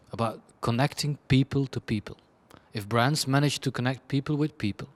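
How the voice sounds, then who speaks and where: Man, creative director being interviewed, chaotic and blunt, ordinary mid-range pitch. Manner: chaotic, rambling, frequent restarts and laughs; blunt and self-deprecating. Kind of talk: candid conversational interview answers.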